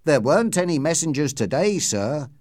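A man's voice: fairly high pitch, sing-song, moderate pace, darkish tone, no echo, clean studio sound, pitched above the performer's own voice. A man reading the part of a respectful household servant in an audiobook, answering in a deferential, matter-of-fact way.

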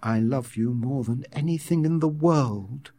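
Narrator playing volatile young outsider: raised voice, slow, earnest, impassioned, storybook. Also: male voice, sits high, animated, a little mellow, no echo, pitched above the performer's own voice. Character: intense, idealistic young man, volatile outsider.

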